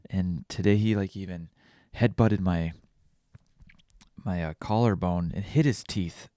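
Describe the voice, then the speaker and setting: A man's voice: low-pitched, measured pace, mellow, no echo, studio quality. A man hosting a casual solo podcast, rambling and self-deprecating with crude jokes. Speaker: podcast host.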